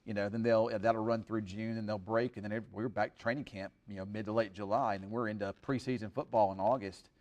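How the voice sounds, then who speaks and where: A man's voice: on the low side, steady tone, fast talker, hardly any pauses, a little mellow. A middle-aged man chatting casually on a live stream in a rambling, folksy way, full of fillers. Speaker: weather streamer.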